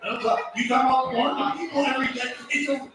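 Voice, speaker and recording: A man's voice: very high voice, fast talker, crowd noise. A man doing a crude, rambling open mic stand-up set in a small comedy venue. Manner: deadpan, crude, rambling delivery. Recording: echoey room, voice from far off.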